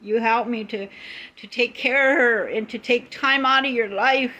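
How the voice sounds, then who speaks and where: A woman's voice: a little high, moderate pace, bright, forceful tone, poor audio. Indignant middle-aged woman telling a story. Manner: indignant, emphatic retelling with lots of repetition. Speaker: live video streamer. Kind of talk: casual live-stream storytelling.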